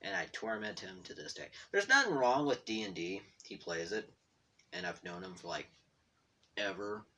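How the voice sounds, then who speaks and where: A man's voice: lowish voice, big pitch swings, moderate pace, gravelly, pushed and bright, slight background noise. A man telling a meandering story from his bedroom while drawing, self-deprecating and tripping over his words. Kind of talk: rambling casual storytelling. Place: bedroom at home.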